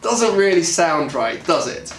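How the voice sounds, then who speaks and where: A man with a British accent talking casually about how he interprets a song, thinking aloud with lots of fillers and pauses. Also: fairly high pitch, recorded from a distance, over loud music. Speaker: singer and music YouTuber. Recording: echoey room, voice a bit off-mic.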